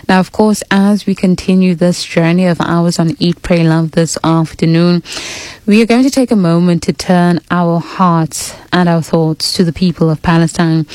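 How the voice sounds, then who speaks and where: A woman hosting a radio show, talking in a chatty, warm and prayerful way. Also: lowish voice, no room sound. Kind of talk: casual radio talk. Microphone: studio microphone.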